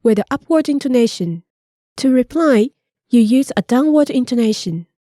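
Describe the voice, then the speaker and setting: Warm, slightly high woman teaching Japanese. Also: animated, normal speed, dry recording, clean studio sound. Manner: patient, explanatory, models pronunciation. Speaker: native-speaker co-host teaching Japanese. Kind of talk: scripted podcast lesson.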